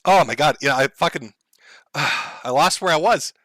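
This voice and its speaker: A man's voice: fairly high pitch, a little slow, sharp tone, dry recording, studio quality. A man hosting a casual livestream from home, ranting sarcastically with frequent laughs, swearing and mock-tragic asides. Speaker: livestream host. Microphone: headphones and desk mic.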